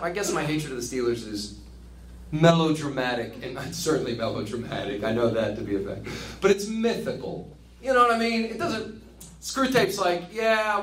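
Man teaching an animated, joking book-study talk, voice on the high side, echoing room. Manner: chatty, animated, laughs at own jokes. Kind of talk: casual teaching commentary. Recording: roomy with faint ambience.

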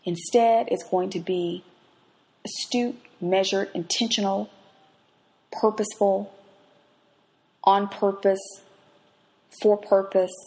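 A woman hosting a faith podcast, who moves between quiet reflection and lively personal stories as she teaches. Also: mid-range voice, slow pace, long pauses. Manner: expressive, swings from hushed reflection to lively anecdote. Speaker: podcast host and Bible teacher. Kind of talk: devotional teaching with personal storytelling.

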